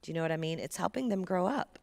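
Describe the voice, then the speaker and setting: Addressing a church audience as a guest speaker, this woman delivers an earnest parenting talk in a conversational style, sinking to a near whisper when she wants to stress a point. Her voice is fairly low and darkish with vocal fry, and she speaks fast and animatedly.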